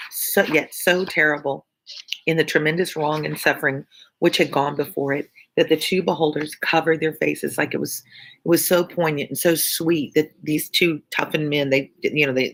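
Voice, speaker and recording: A woman's voice: deep voice, fairly even intonation, moderate pace, vocal fry, fairly bright tone, rough recording. A woman teacher reading a classic novel aloud and breaking in with earnest, informal comments. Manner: earnest, informal asides between passages. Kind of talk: read-aloud lesson with commentary.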